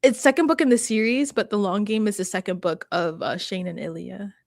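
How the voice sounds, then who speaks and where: A woman's voice: mid-range voice, a little fast, creaky, no echo, studio quality. A woman hosting a casual reaction chat, talking with laughs and acting out quotes. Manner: chatty, laughs often, acts out quotes. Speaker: host.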